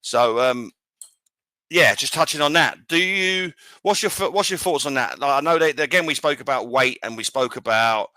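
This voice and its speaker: A man co-hosting a casual sports podcast chat, talking quickly and often restarting his sentences. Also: mid-range voice, pushed and bright, no echo. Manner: rapid, stumbling restarts. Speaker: podcast co-host.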